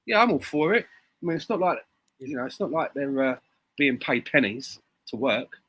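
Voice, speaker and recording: Husky man, wry humor. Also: medium pitch, expressive, normal speed, a bit bright. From Peckham, London. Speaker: guest. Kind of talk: casual banter.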